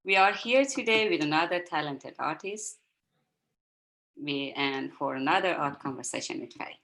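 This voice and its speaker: A woman's voice: sits low, animated, normal speed, a bit bright, rough recording. A woman hosting an interview, speaking politely and a little hesitantly over a video call. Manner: polite, hesitant, formal phrasing. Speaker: host.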